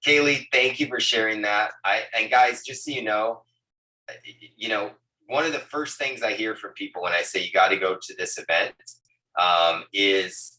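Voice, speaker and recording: A man leading a sales team call with high energy, often stopping to ask "right, guys?". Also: moderate pace, roomy sound, recorded from a distance, rough recording. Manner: energetic, repeats words, asks "right, guys?". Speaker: agency leader hosting a team call. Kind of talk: motivational team huddle. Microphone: Bluetooth earbuds on a video call.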